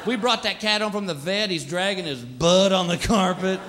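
A man doing stand-up comedy with punchy, animated storytelling. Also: high-pitched, normal speed, slight background noise.

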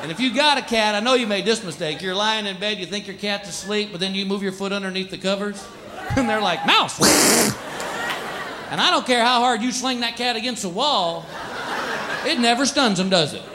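A man doing stand-up comedy with punchy, animated storytelling. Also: high-pitched, a little fast, noisy background.

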